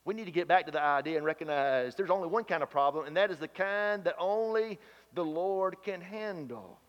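Folksy preacher in a reverberant hall. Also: male voice, high-pitched, brisk. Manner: folksy, animated preaching with rhetorical questions. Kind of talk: sermon. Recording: dull sound with long hall reverb.

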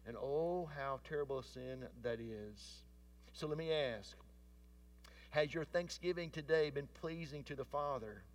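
A man preaching a sermon, rising to emphatic declarations and then dropping to hushed tones. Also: mid-range voice, recorded from a distance.

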